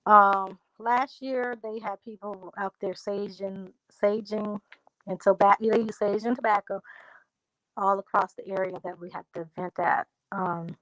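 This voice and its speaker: A woman chats on a livestream, reading out her viewers' comments and answering each one. Her talk is loose and unhurried, drifting into a country drawl. The sound is dry and close, with no room around her. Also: mid-range voice, steady tone, fairly bright tone, dry recording, poor audio. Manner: talks straight to viewers, reads out comments and answers them. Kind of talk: casual livestream chat.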